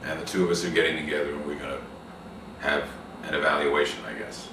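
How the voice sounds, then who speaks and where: A man's voice: a bass voice, flat delivery, fast, far from the mic. A middle-aged man in a casual interview, rambling with many fillers and restarts. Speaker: interview guest, actor and acting coach. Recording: echoey room, voice from off mic, faint noise.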